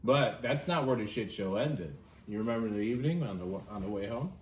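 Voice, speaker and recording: Man, very low voice, casual podcast storyteller, swears a lot, echoey room, faint noise. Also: fairly quick. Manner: animated storyteller, swears freely. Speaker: podcast host.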